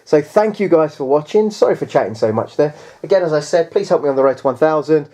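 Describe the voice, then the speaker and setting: Speaking fast and expressively in a slightly high, dark-toned voice, a man rambles through a tabletop game unboxing. He hesitates and restarts a lot and repeatedly says guys to his viewers.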